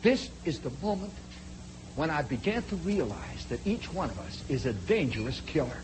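A man spins a long personal yarn with plenty of drama, his voice sitting high for a man. He swings from loud, punchy bursts to quiet asides and keeps turning to the listener. A faint hiss sits under the voice. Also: very animated, normal speed. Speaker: storyteller. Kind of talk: spoken storytelling monologue.

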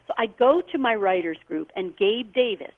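A woman, a guest on the show, telling a personal story in an animated way and acting out the voices of the people she quotes. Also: medium pitch, moderate pace, no echo. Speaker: guest author. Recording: tinny phone line.

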